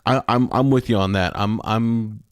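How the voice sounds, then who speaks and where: Low-voiced man, dry close sound. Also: moderate pace, dry recording. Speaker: podcast co-host. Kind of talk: casual chat recapping a sitcom episode.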